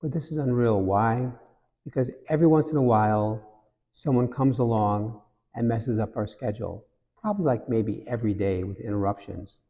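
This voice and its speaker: Mellow-voiced priest in a big church. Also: male voice, mid-range voice, moderate pace, big-room sound. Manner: conversational, tells jokes between reflections. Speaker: priest and cathedral rector. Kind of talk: homily. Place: large cathedral.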